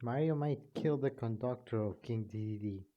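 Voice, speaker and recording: A young man casually reading a fan story aloud, stumbling and restarting, on a dull lo-fi home mic. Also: medium pitch. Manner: slow, stumbling, restarts often. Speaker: fan fiction reader and narrator.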